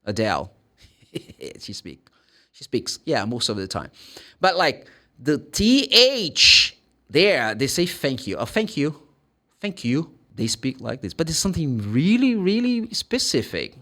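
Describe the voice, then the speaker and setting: A man with a Brazilian Portuguese accent teaches English pronunciation. His pitch rises and falls widely as he explains. He models the sounds himself and acts out the questions students ask. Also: huge pitch swings, a little slow, pushed and bright. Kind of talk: pronunciation lesson.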